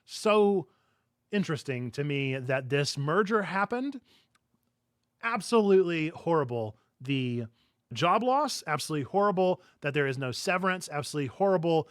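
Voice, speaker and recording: A man hosting a casual news show, chatty and animated, often laughing through his words. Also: on the high side, moderate pace, dry recording, clean studio sound. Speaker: podcast host.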